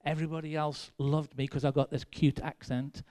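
A man's voice: fairly high pitch, little pitch movement, moderate pace, mellow. A man with an English accent preaching a sermon in a conversational, self-deprecating way, with dry sarcasm. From England. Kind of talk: sermon with personal stories.

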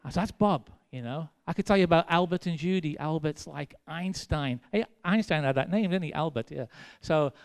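A man's voice: fairly high pitch, moderate pace, few pauses. A man with an English accent preaching a sermon in a conversational, self-deprecating way, with dry sarcasm. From England. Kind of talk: sermon with personal stories.

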